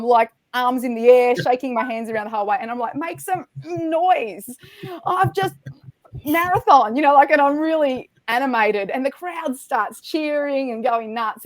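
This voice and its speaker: Animated woman telling a story. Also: on the high side, no echo. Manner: lively, animated retelling with acted-out quotes. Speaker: podcast guest. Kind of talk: storytelling in casual chat.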